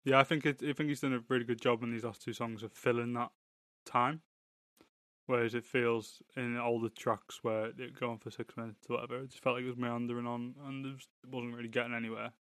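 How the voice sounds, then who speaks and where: A man's voice: medium pitch, level tone, fast talker, a bit bright, no echo. A man co-hosting a music podcast, goofy and laughing in casual chat. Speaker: podcast co-host.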